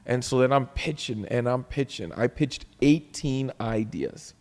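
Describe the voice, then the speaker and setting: A man from Canada, a comedian guest telling an animated anecdote, acting out the voices of others and often laughing. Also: mid-range voice, a little slow, big-room sound. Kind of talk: storytelling anecdote.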